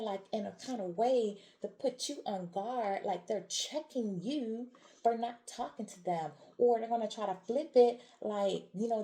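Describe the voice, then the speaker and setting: A woman's voice: mid-range voice, warm tone, rough recording. A woman doing a casual tarot reading, talking straight to her viewers in an emphatic, repetitive way. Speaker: tarot reader.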